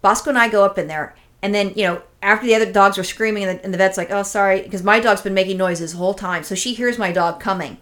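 A woman's voice: mid-range voice, fast talker, few pauses. Rambling, profane woman telling a story. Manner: rambling, profane, animated storytelling with acted-out quotes. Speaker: podcast co-host. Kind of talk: casual storytelling chat.

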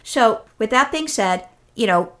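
A woman co-hosting a casual podcast chat, telling stories in a profane, animated way. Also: fairly high pitch, a little slow. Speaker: podcast co-host.

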